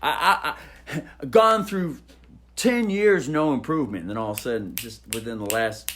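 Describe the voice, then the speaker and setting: A man's voice: mid-range voice, moderate pace, fairly bright tone, a little hiss or hum. A man recording himself at home for a vlog, talking in a rambling, repetitive way about how to use the voice and swearing freely. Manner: profane, repetitive, demonstrates voice sounds. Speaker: vlogger. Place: indoors at home. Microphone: phone or camera mic.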